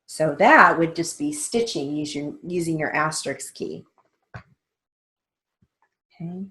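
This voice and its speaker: Middle-aged female steno teacher, deliberate and very slow dictation, lower voice. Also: pushed and bright. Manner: spells out names letter by letter, measured and deliberate.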